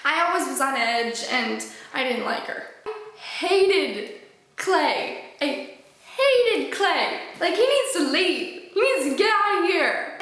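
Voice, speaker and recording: Gushing young woman, very echoey room. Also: extremely high pitch. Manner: gushing, excitable, lots of fillers. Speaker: book vlogger. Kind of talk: casual book review.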